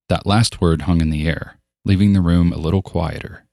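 A man narrating an audiobook in an even, steady storytelling voice. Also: sits low, moderate pace, creaky, no room sound, clean studio sound. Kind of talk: scripted narration.

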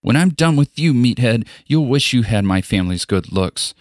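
A man's voice: animated, moderate pace, dry recording, clean studio sound, lightly acted. A man voicing a vain, spiteful teenage girl in an audiobook, snide and threatening. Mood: furious. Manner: snide, then shrill threats.

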